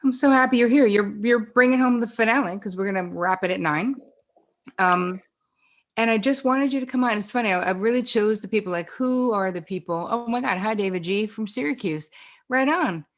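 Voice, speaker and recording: A woman's voice: medium pitch, a little fast. Chatty woman hosting a video call. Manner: chatty, storytelling, laughs often. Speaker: host. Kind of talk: casual chat on a video call.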